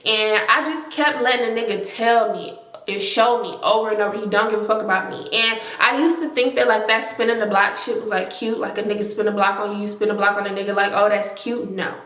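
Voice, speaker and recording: A woman's voice: medium pitch, fairly even intonation, brisk, fairly bright tone. A woman telling a casual storytime vlog, emphatic and repeating lines for effect. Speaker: storytime vlogger. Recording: roomy echo.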